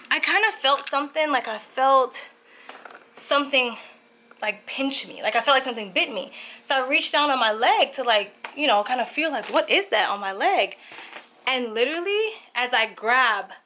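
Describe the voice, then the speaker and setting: A young woman vlogging from her apartment, telling a story in a casual, animated way with lots of "like" fillers. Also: sits high, a little hiss or hum. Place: apartment, indoors.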